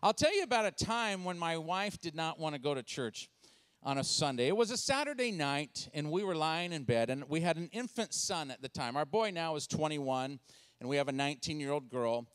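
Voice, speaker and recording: A man's voice: on the high side, animated, fairly quick, fairly bright tone, clean tone, no room sound. A man in his forties speaking as a guest in church, telling stories in a playful, self-deprecating, conversational way. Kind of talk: comedic storytelling sermon. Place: church sanctuary.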